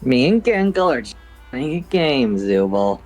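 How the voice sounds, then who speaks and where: A woman's voice: rumbling low, very animated, measured pace, darkish tone, soft background music, full character voice. A woman voicing a smug, mocking male school bully in a game reading. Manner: mocking, sardonic.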